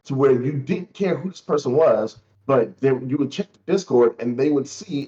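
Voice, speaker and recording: A man's voice: medium pitch, animated, dark tone. Reflective man on a dull lo-fi mic. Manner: reflective, measured recollection. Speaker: streamer guest. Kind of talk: casual roundtable chat.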